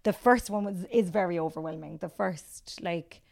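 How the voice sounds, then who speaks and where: A woman in her thirties with a Cork accent, a guest comedian in casual chat, telling animated stories and acting out what people said. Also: lowish voice, normal speed, vocal fry. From Ireland. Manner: animated storyteller, acts out quotes.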